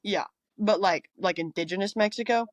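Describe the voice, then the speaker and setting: A woman from Appalachia chatting casually on a podcast, animated and quick to mimic other voices. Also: medium pitch, no echo. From Appalachia, United States. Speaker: podcast guest.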